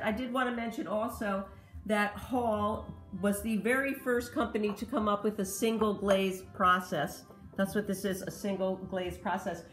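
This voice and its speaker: A woman's voice: mid-range voice, echoey room. A woman in a casual vlog, chatting about her thrift-store finds and explaining their history in detail. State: slight cough. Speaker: thrift reseller showing finds. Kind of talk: casual show-and-tell vlog.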